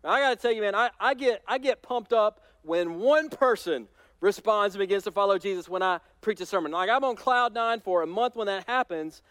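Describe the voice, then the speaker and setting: A man pastor preaching a sermon in a conversational, animated storytelling way with touches of humor. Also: high-pitched, brisk, no room sound.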